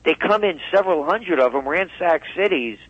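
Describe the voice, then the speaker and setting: A man's voice: a little high, expressive, moderate pace, breathy edge, no echo. A man speaking as a guest in a radio interview, emphatic and heated as he tells a story. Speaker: guest commentator. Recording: dull dry phone line.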